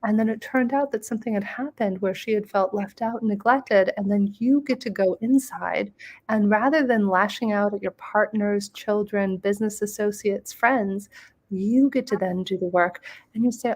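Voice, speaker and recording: A middle-aged woman, a guest author, talking in an enthusiastic, expressive way in a motivational interview and often breaking into laughter. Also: mid-range voice, normal speed.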